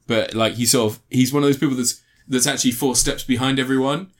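Guy rambling about movies, swears a lot, middle-pitched, gets animated retelling scenes. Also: fast. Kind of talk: casual film chat.

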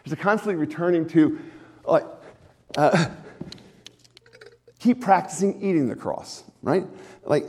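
A male pastor preaching a sermon in an animated way, dropping to hushed tones and then rising to emphatic ones. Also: a little high, a little slow, pauses often, breathy edge.

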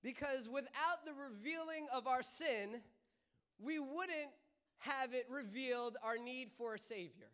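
A young man preaching in a church, his voice high and smooth. He moves from earnest teaching into lively storytelling and laughs easily. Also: a little slow. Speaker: pastor. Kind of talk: sermon with personal story. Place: church service.

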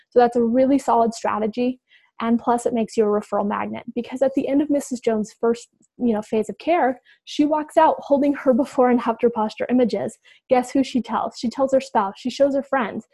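A woman giving an energetic, direct instructional talk to healthcare providers, addressing them as "you guys". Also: a little high, brisk, no room sound, low-quality recording. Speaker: business coach for healthcare providers.

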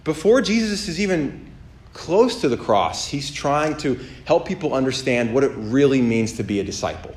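A man speaking in a middle-range voice, preaching in a loose, conversational way and jumping high in pitch when he acts out other people. The sound carries a noticeable room echo, as if recorded in a reflective space. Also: normal speed. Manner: animated storytelling, acts out voices with big pitch jumps. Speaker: pastor. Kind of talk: sermon on a podcast.

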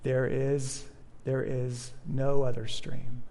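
A man voicing a deep, solemn male lion who speaks calmly and without hurry, in a long reverb. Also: vocal fry. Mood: grave. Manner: low, slow, grave storytelling voice.

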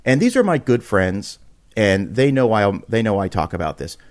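Male podcast guest, low-ish voice, chatty storyteller, animated, lots of restarts, jumps up in pitch for quotes. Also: moderate pace. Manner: frequent restarts and repeated words. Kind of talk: casual storytelling.

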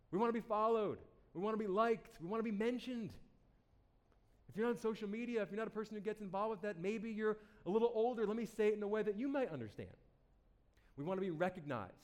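A man preaching a sermon to a congregation, animated and playful, acting out the people he quotes and repeating words as he starts a thought. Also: sits high. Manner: animated, acts out quoted voices. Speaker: pastor.

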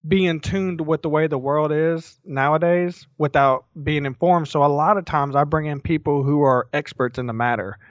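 A man from the American South, a podcast guest, talking earnestly and haltingly in a casual interview. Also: a little high, no room sound, muffled recording. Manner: earnest, halting, restarts phrases.

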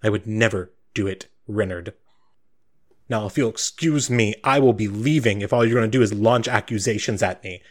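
Man playing a haughty woman, cold, dramatic, low-pitched. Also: normal speed, natural voice. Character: haughty woman, theatrical and offended.

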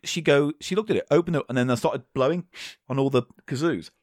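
A man's voice: mid-range voice, quick pace, no echo, studio quality. A man co-hosting a comedy podcast, wry and teasing, swearing freely as he tells stories. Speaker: podcast co-host. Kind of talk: casual comedy chat.

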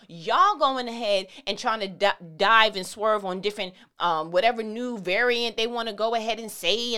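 A woman's voice: on the high side, bright, forceful tone. A woman giving an informal sermon and reading scripture, emphatic and conversational, with casual slang mixed into her preaching. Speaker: inspirational speaker.

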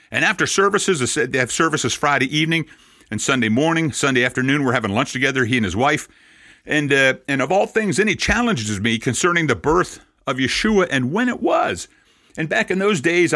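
Bright-voiced older rabbi preaching. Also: male voice, mid-range voice, no room sound. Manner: animated storytelling with dry self-mocking asides. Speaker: Messianic rabbi. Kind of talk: sermon.

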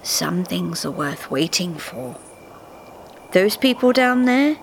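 A woman voicing Father Time, a kindly old man with a warm, friendly voice who speaks slowly, softly and a little conspiratorially. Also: lowish voice, lively intonation, slight background noise. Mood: gentle. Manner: slow, soft and gently conspiratorial.

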